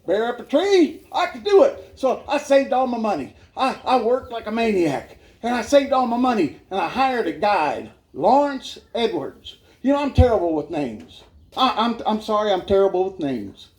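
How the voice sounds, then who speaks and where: A man's voice: high-pitched, sing-song, moderate pace. A man telling his life story as a church testimony, folksy and self-mocking, often laughing as he talks. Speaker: guest speaker giving his life testimony.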